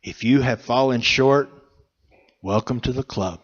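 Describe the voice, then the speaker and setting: A man delivers a slow, heartfelt sermon in a church, letting long pauses fall between his phrases. His voice sits at a middle pitch, and the recording sounds dull and lo-fi. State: emotional, choked up. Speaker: preacher. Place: church sanctuary.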